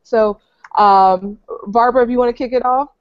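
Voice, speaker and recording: A woman's voice: a little high, fairly even intonation, moderate pace, dry recording. Upbeat woman hosting a video call. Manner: informal, upbeat, with many fillers. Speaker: co-host of an online teacher edcamp. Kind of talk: casual online meeting talk. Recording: dull, dry video-call audio.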